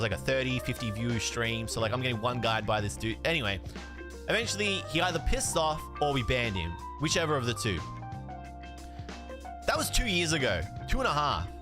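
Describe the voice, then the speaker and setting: A man, a card streamer, telling a story in a casual way, acting out the dialogue and swearing now and then. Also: mid-range voice. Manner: animated, swears, laughs, acts out dialogue.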